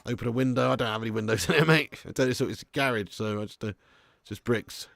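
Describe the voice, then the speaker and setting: A man's voice: mid-range voice, fast talker, gravelly, a bit bright, dry recording, studio quality. A man hosting a casual live stream from his garage, reading viewer comments with laddish, swearing banter. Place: home garage studio.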